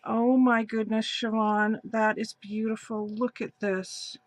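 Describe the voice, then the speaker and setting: A woman hosting a crafting channel, gushing and gasping with excitement as she opens a birthday package in a casual unboxing vlog. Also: a little high, takes it slowly. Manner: gushing, excited, breathy gasps.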